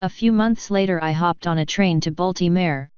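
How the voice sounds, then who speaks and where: A woman's voice: fairly low pitch, normal speed, a little mellow, smooth, no room sound, natural voice. A woman voicing a young male pony, an orphan thief who brushes off sympathy, in a guarded, matter-of-fact way; dull lo-fi recording. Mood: dismissive.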